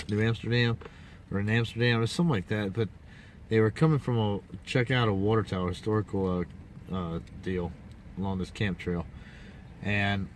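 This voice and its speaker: A man's voice: fairly low pitch, slight background noise. A man casually telling a rambling, folksy story to his viewers, full of restarts and asides. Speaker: vlogger.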